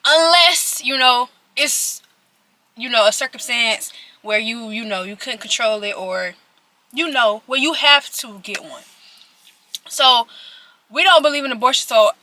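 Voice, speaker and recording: A woman's voice: on the high side, lively intonation, a little slow, bright, forceful tone, slight background noise. An eighteen-year-old woman telling a personal story to her viewers while eating, in a chatty way that speaks straight to them. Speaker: vlogger.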